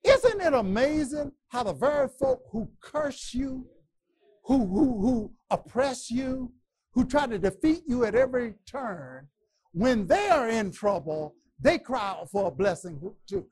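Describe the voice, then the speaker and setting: A man teaching a Bible class, preaching with passion, stammering repetitions and bursts of shouting. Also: very high-pitched, very animated, a little slow.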